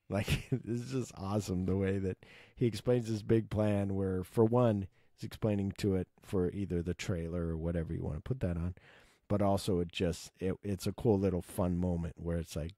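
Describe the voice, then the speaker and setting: A man casually retelling his favorite film scenes, excited and swearing, acting out the characters' lines. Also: deep voice, moderate pace, dry recording, clean studio sound. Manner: enthusiastic, swears, acts out quotes. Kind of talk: casual movie recap.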